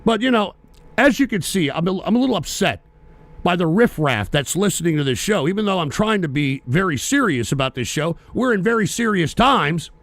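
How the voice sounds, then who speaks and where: Foul-mouthed ranting man, gravelly voice. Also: sits high, animated, fairly quick, dry recording. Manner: profane, ranting, frequently shouting. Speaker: livestream host. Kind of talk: angry political rant, reading donations.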